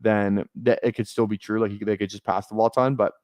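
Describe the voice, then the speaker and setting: A man's voice: on the low side, level tone, fast talker, no echo, muffled recording. A young man streaming live, chatting casually and thinking aloud as he talks. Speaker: fantasy football streamer.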